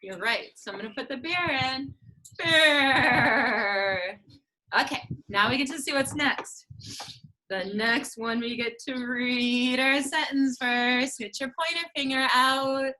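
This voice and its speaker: Woman speech therapist, high and slow, exaggerated sing-song delivery for toddlers. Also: pushed and bright. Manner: exaggerated, drawn-out words, playful animal sounds. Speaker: speech-language pathologist teaching preschoolers. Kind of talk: slow, sing-song teaching to young children.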